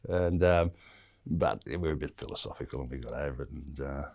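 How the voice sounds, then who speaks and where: Aussie bloke with a really low voice, rambling story full of ums, dry sound. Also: male voice, brisk, creaky, a little mellow, no echo. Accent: Australian. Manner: rambling, many fillers and restarts. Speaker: interview guest. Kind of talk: casual storytelling.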